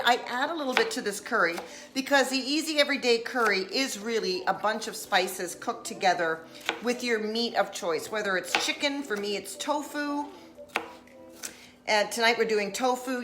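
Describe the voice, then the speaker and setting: A woman's voice: mid-range voice, background noise. A chatty, jokey woman, cooking in her home kitchen while chatting on a live stream. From Nova Scotia, Canada. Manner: chatty and jokey, slips into put-on silly voices. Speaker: vlogger.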